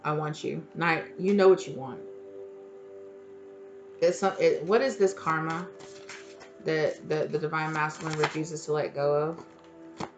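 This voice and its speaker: A woman's voice: low voice, fairly even intonation, a little slow, pauses often, faint music behind. A woman giving a casual tarot reading, blunt and emphatic, swearing freely and repeating her points. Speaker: tarot reader.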